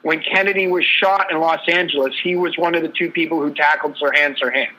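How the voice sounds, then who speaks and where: A man's voice: a little high, fairly even intonation, fairly quick, sharp tone, rough recording. A man co-hosting a casual sports talk show, telling a sports story in a loose, rambling way. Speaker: podcast co-host.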